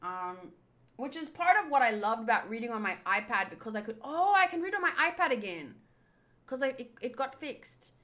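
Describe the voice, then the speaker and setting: A woman's voice: a little high, sing-song, normal speed, a bit bright. A woman chatting casually and rambling as she comments on a comic readthrough. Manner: rambling, chatty, many fillers. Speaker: YouTuber reading a comic aloud.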